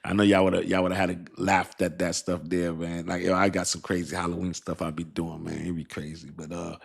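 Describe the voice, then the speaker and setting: A middle-aged American man hosting a casual crypto livestream, chatting with viewers in relaxed slang and laughing often. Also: deep voice, brisk, vocal fry, husky. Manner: laid-back slangy talk, frequent laughs.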